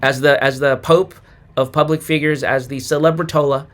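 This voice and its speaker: Deadpan man riffing on a list, slightly high voice. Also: normal speed. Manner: deadpan, mock-clueless, sarcastic asides; hums and sings snatches of songs. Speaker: sports commentary vlogger. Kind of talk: casual comedic monologue.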